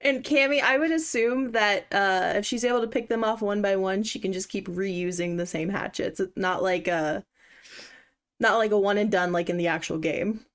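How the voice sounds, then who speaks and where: A woman co-hosting a casual chat about a horror game, relaxed, laughing along and reading out chat. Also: medium pitch, normal speed. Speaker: co-host.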